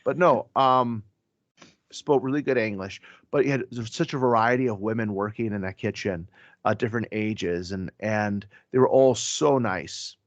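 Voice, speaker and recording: A man's voice: on the low side, normal speed, no echo. A man, a priest, chatting casually on a podcast and telling stories with asides and self-corrections. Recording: dry, slightly dull podcast audio.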